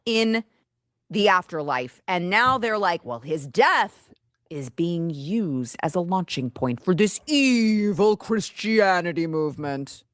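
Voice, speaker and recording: Indignant woman commentator, animated pitch. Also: slow, no room sound, studio quality. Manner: indignant and sarcastic. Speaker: online video commentator. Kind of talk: commentary video played on stream.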